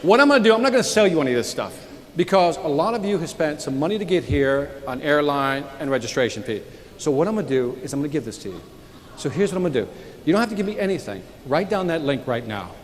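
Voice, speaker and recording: A little high and very animated, this man speaks at a quick pace while delivering an energetic sales keynote, throwing out jokes and questions to the audience. The big conference hall rings with reverb, and laughter and murmuring rise from the crowd.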